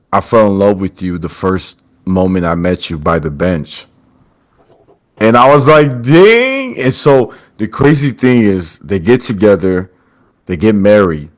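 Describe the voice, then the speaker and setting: A man's voice: low-pitched, measured pace, long pauses. A man hosting a podcast, telling a story in casual chat and acting out the quoted lines. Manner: animated storyteller, acts out quotes. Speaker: podcast host.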